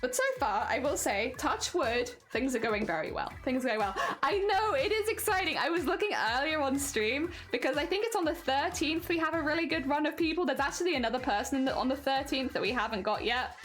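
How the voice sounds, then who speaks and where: A woman's voice: high voice, animated, a little fast, few pauses, fairly bright tone, faint music behind. A British woman chatting casually on a live stream, playful and giggly as she reads and answers chat. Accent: British English. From Britain.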